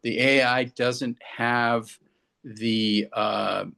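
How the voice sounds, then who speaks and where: Podcast co-host, male, gravelly voice, earnest and halting delivery. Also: medium pitch, level tone, bright, forceful tone. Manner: earnest, restarts often. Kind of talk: casual discussion.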